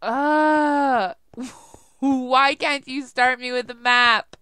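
A young woman narrates her gameplay in a clear, bright voice, chatty and often laughing at herself. Her speech is smooth and crisp, with a dry, close sound. She talks at an easy, unhurried pace. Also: high-pitched, fairly even intonation, no room sound. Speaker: let's play gamer. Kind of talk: casual gameplay commentary.

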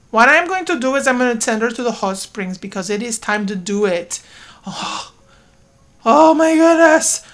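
A woman giving casual let's-play commentary, excitable and talking to her game characters, with sudden loud outbursts. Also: medium pitch. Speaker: gaming YouTuber.

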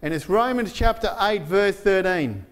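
A male pastor preaching a sermon in an earnest way, slowing down to stress quoted verses. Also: high-pitched, lively intonation, clean tone. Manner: frequent fillers and restarts while preaching.

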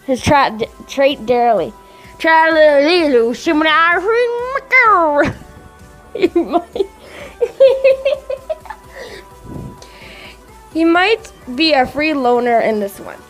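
A woman's voice: sits high, big pitch swings, slow pace, fairly bright tone, faint music behind. A woman casually reading fan fiction aloud into a microphone, giggling, stumbling over words and adding chatty asides. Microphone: desk microphone.

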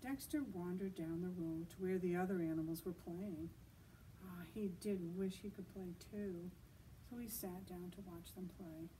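A woman librarian reading a picture book at a children's storytime, gently asking her listeners questions as she goes. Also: fairly low pitch, steady tone, normal speed, distant mic, a little hiss or hum, rough recording. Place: outdoors.

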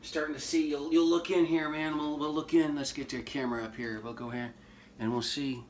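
In a high-leaning, level voice at a fairly quick pace, a man who hosts horror films leads a casual cooking demonstration at his home stove. He keeps it folksy and jokey with hip slang. There's slight background noise plus loud sizzling and frying.

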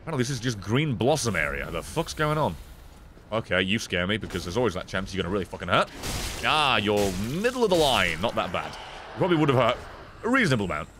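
A man's voice: on the low side, sing-song, fast, a bit bright, slight background noise. A man streaming gameplay in casual commentary, swearing often, joking and laughing.

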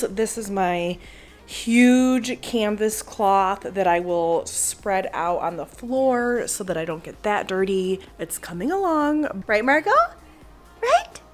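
Chatty woman vlogging from home. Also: mid-range voice. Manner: chatty, rambling, upbeat. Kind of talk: casual vlog chat. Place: her own living room at home.

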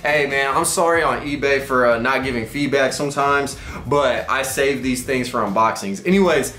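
A man's voice: medium pitch, normal speed, sharp tone, reverberant, soft background music. A young man from Texas, rambling and joking in slang as he unboxes items for his vlog. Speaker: vlogger.

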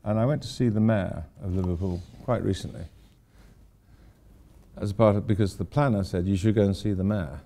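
An older man rambles through a casual architecture lecture for students in a university lecture hall, peppering it with wry, self-deprecating asides. He speaks fairly quickly in a fairly low, warm voice.

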